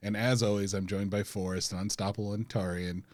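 A man's voice: fairly low pitch, flat delivery, brisk, darkish tone, no echo. A man co-hosting a podcast, chatting casually and opening the show with playful, mock-lofty wording. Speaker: podcast co-host. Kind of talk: casual chat and mock-grand show intro.

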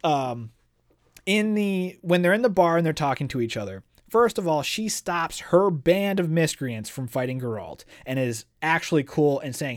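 A man hosting a podcast who talks casually and excitedly about a fantasy novel and reads passages aloud. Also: a little high, moderate pace, no room sound, studio quality. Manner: excitable, chatty, uses "dude" and "like". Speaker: podcast host. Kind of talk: casual book discussion and reading aloud.

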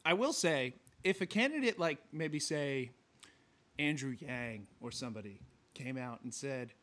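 A man's voice: medium pitch, expressive, unhurried, a bit bright. A man co-hosting a podcast in casual comedic chat, loose and joking, swearing casually. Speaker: podcast co-host.

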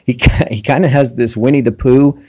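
A man's voice: mid-range voice, fairly even intonation, fairly quick, dark tone, slightly rough. A man hosting a podcast in casual chat, enthusiastic and laughing often, acting out his own thoughts as quotes. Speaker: podcast host.

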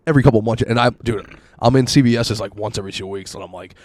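A man hosting a podcast, telling rapid, profane stories and shouting when he quotes himself. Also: medium pitch. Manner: rapid, swearing storyteller, loud bursts when quoting himself. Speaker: podcast host. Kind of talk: casual profane chat.

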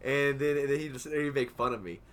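A man's voice: mid-range voice, a little fast. A young man in casual chat with friends, stammering through restarts and swearing freely as he gets worked up.

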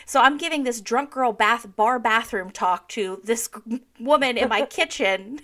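A young adult woman co-hosting a podcast, telling a story in a casual, profane, animated way and acting out the dialogue. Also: on the high side, normal speed. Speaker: podcast co-host. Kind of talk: casual chat.

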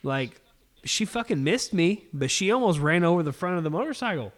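A man, hosting a casual podcast chat and telling a story with animated, heavy swearing. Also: sits high, brisk. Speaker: podcast host.

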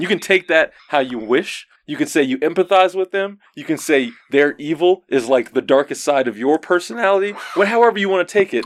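A man co-hosting a casual podcast chat, slangy and laughing often as he talks. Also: on the high side. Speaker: podcast co-host.

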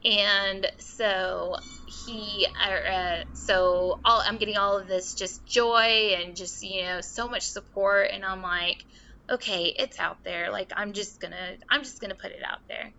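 Speaking a little slowly in a gravelly, mid-range voice, a young female podcast guest tells a casual story with animation, performing the voices of those she quotes. There's faint noise and a slightly dull quality to the recording.

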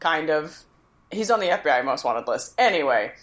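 A woman's voice: low voice, lively intonation, moderate pace. A young adult woman co-hosting a casual podcast, chatty, restarting sentences and laughing as she makes her points. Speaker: podcast co-host. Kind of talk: casual movie discussion.

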